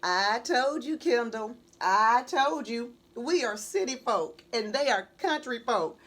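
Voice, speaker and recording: Chatty little city boy in a storybook, playful and quick to joke, voiced high and lively, as a woman reads him. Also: heavily acted. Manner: playful, talkative.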